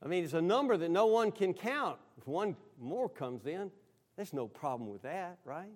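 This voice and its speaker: With a high-sitting, expressive voice at a moderate pace, a male pastor talks straight to his congregation in a conversational sermon. He alternates between forceful, loud lines and hushed, almost whispered ones.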